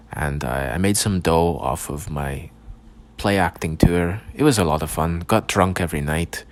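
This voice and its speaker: A young man hosting a casual solo podcast, rambling and swearing freely with lots of stumbling restarts. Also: sits low. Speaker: podcast host.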